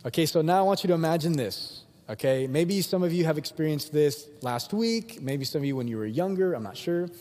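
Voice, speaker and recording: A young man preaches with lively energy, slipping into voices for the people in his stories. His voice sits a little high yet sounds mellow. A long hall reverb trails behind his words. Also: brisk, few pauses. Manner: animated, acts out quotes in voices. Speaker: pastor. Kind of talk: sermon.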